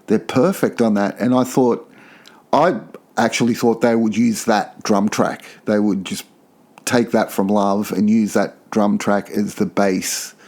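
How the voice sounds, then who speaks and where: A man's voice: on the low side, fairly even intonation, unhurried, darkish tone. A man hosting a podcast, giving a casual track-by-track album review in an enthusiastic, opinionated way, often repeating himself for emphasis. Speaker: podcast host.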